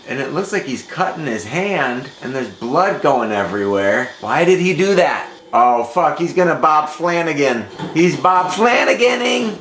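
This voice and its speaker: A man's voice: medium pitch, a bit bright. A man reviewing a movie in a casual running commentary, giving a crude, exclamatory play-by-play. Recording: echoey room, faint background noise.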